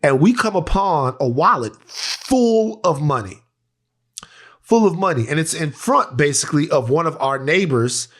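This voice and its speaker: A young man, a podcast co-host from Louisiana, telling a long casual story with swings between loud bursts and soft asides. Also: on the high side, expressive, measured pace.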